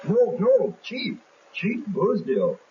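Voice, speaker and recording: A man voicing a frantic male desert brigand sergeant who screams his news in a high, breathless shriek. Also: wildly swooping pitch, takes it slowly, mellow, recorded from a distance, slight background noise, exaggerated voice. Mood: pleading. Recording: dull 1970s documentary audio.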